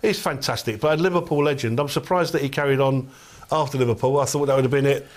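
A man's voice: medium pitch, steady tone, fast talker. A man co-presenting on a shopping channel, chatting casually and enthusing about football players. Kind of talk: TV sales chat.

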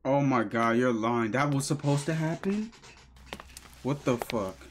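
A man's voice: medium pitch, unhurried, a little hiss or hum. A young man streaming a horror game live, panicky and slangy, swearing as he plays. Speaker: gaming streamer. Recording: voice over loud game music. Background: loud eerie game music.

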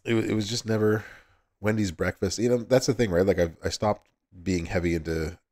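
Deep-voiced laughing man with a Southern accent. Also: a little fast. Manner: laughs often, relaxed and chatty. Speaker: livestream host. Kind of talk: casual livestream chat.

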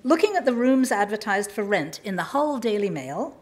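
A woman from England, reading aloud a humorous personal story in a lively, self-mocking way. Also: mid-range voice, normal speed. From southern England. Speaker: writer reading her work.

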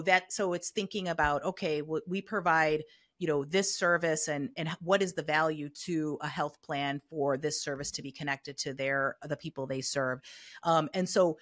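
A woman's voice: low-pitched, fairly bright tone, no room sound, clean studio sound. A middle-aged woman, a health equity consultant, explaining her views as an interview guest in a thoughtful way, often saying "you know". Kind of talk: conversational expert interview.

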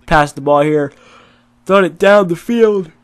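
A tired gaming YouTuber, yawning, rambles casually over his football video game match with plenty of fillers. His voice is a little high and a little slow, with no room sound.

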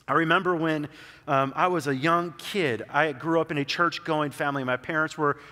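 A man's voice: on the high side, steady tone, normal speed, bright, forceful tone. A young adult man preaching a sermon in a church sanctuary, telling a story in a loose, conversational way with lots of "like"s. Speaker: pastor. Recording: church hall reverb.

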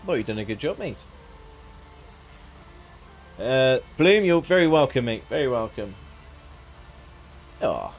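A man's voice: mid-range voice, sing-song, unhurried, pauses often, soft background music. A man chatting casually on a live game stream, joking, laughing and thanking viewers by name.

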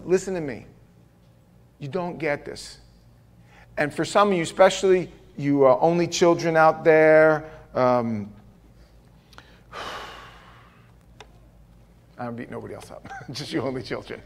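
A man preaching a sermon in a church, telling stories in an animated way and joking at his own expense. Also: a little high, normal speed, long pauses. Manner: animated storytelling with self-deprecating jokes. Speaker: pastor. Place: church sanctuary.

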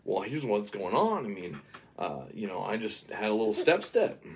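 A man's voice: on the low side, big pitch swings, normal speed, a little hiss or hum. A man voicing a laid-back male monkey genie who talks in casual slang, in a homemade bedtime story.

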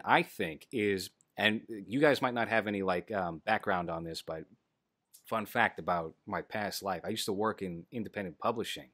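A man's voice: sits low, moderate pace, sharp tone, no room sound. A man in casual podcast chat, explaining at length with many fillers. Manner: rambling, filler-heavy explaining. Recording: dry close audio.

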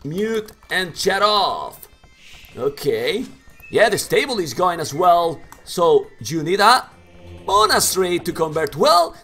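A man with a Spanish first language casting a strategy game live in broken English, getting excited and shouting at big plays. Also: fairly high pitch. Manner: non-native English with broken grammar. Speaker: game caster. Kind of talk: live esports commentary.

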